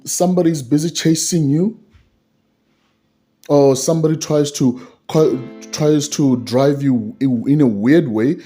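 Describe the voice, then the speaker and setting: A man's voice: on the high side, dark tone, breathy edge. A man giving a solo commentary on a court case, repeating his points and asking rhetorical questions.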